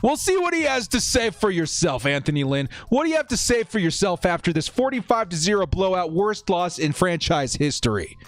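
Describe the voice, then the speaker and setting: A man's voice: high-pitched, sing-song, fairly quick, few pauses, no echo. A young man hosting a casual live stream, reading viewer comments aloud and laughing often.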